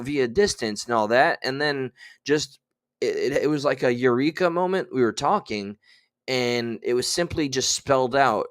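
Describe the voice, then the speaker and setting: A man's voice: medium pitch, a bit bright. A man hosting a casual livestream, chatting loosely and reading out viewer names. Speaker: livestream host.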